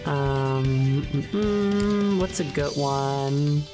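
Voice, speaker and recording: A woman with a low voice chats casually on a live stream, rambling and giggling as she goes, with plenty of ums and uhs. Music plays clearly behind her. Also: extremely slow. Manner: rambling and giggly, many fillers. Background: background music.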